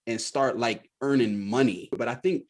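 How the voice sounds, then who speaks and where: A man's voice: mid-range voice, normal speed, a little mellow. A man, an actor and coach guest on a podcast, telling his story and laughing often. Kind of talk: casual interview.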